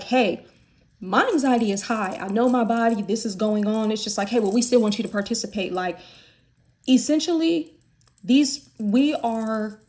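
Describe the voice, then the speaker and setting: A woman from the United States talks straight to camera in a relaxed vlog. Her voice sits at an everyday middle pitch. She rambles in a chatty, candid way with plenty of fillers. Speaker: vlogger. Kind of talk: candid casual chat.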